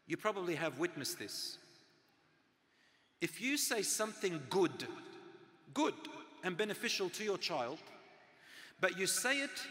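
A man in his forties giving a live talk to an audience, with loud and soft swings and near-whispered asides for emphasis. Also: sits high. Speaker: speaker on parenting and teaching. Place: large hall with a live audience. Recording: long hall reverb from a live talk.

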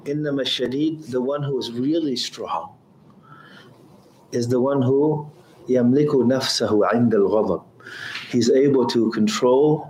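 A man giving a religious lesson on hadith, reciting Arabic quickly and explaining in slower, halting English. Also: mid-range voice, a little mellow, slight background noise. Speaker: Islamic teacher. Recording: roomy echo with faint ambience.

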